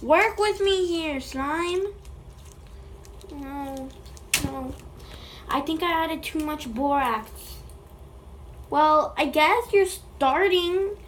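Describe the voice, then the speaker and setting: A woman's voice: high-pitched, extremely slow, long pauses, slight background noise. A woman making a slime vlog, playfully chatting to the slime as if it were alive, recorded on a phone. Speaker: slime video creator.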